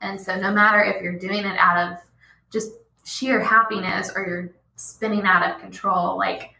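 Bright, gravelly-voiced woman host. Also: medium pitch, fairly even intonation, moderate pace. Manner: bubbly, laughs often. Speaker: podcast host. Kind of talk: casual interview chat. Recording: echoey room, faint noise.

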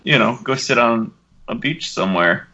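A man riffs jokingly as a co-host in a casual podcast chat. His voice is bright and forceful. The recording sounds dull and lo-fi. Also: mid-range voice, expressive, normal speed. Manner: joking, riffing.

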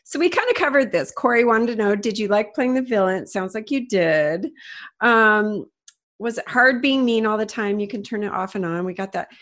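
A woman's voice: medium pitch, lively intonation, normal speed, a bit bright. Woman host reading listener questions. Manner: friendly, reads out listener questions. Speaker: podcast co-host. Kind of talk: casual interview chat.

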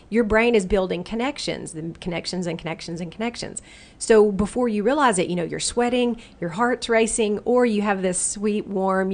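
A middle-aged woman, a guest who runs workshops, explaining in casual talk and playfully acting out voices in quotes. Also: mid-range voice. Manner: animated, acts out the brain's inner voice in playful quotes.

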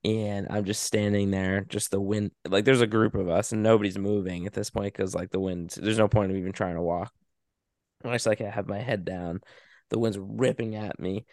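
A man's voice: lowish voice, fairly even intonation, normal speed, darkish tone, no echo, clean studio sound. A man in casual chat, rambling through a self-deprecating story about himself.

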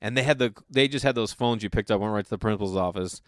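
A man's voice: fairly low pitch, quick pace, fairly bright tone, no echo, clean studio sound. A man in his thirties, a comedian hosting his own podcast, telling loose, profane stories and acting out the people he quotes. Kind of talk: casual storytelling monologue.

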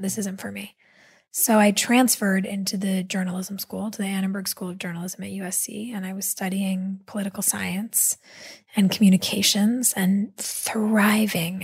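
A woman guest in a casual interview, telling stories animatedly with quick asides. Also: medium pitch, breathy edge. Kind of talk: casual conversational storytelling.

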